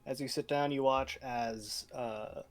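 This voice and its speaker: A man's voice: mid-range voice, fairly even intonation, slow pace. A man narrating as game master of a tabletop game, casual and full of fillers.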